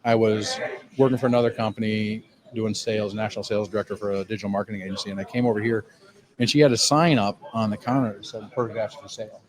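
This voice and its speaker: A middle-aged man who owns a cigar lounge, telling his story in an animated, casual way on a podcast and acting out the dialogue he quotes. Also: on the low side, fast talker, low-quality recording. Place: cigar lounge with people around.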